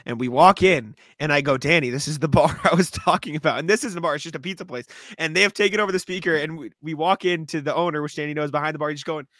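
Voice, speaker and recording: A man co-hosting a casual sports podcast, telling animated stories with plenty of swearing and laughter. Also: on the high side, quick pace, few pauses, no room sound. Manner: animated storytelling, swears freely, laughs often. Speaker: podcast co-host. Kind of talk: casual chat.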